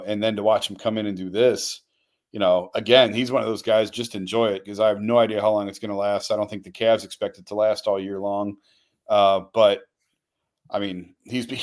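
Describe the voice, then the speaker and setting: A man who writes about sports, talking in an easygoing way as a guest on a talk show. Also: lowish voice. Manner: easygoing, hedging with fillers.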